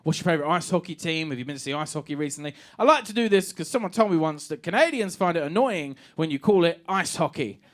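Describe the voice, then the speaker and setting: Comedian with a high, bright voice. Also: male voice, lively intonation, fast, few pauses. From England. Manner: wry, chatty, playing to the crowd. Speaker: stand-up comedian. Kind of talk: stand-up comedy set. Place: comedy club stage. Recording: live comedy club with laughing crowd. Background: audience laughter.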